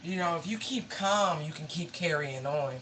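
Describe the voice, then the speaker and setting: A woman's voice: low voice, moderate pace, a bit bright, slight background noise, poor audio. A woman giving a casual tarot reading, emotional and pleading, swearing freely and calling her listeners y'all. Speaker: tarot reader.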